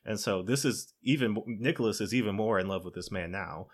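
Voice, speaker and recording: A man's voice: lowish voice, a little fast, hardly any pauses. Man casually recapping a movie, chuckling. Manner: laughs often while retelling, acts out quoted lines in his own voice; conversational, loose fillers like "you know" and "like". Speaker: podcast co-host.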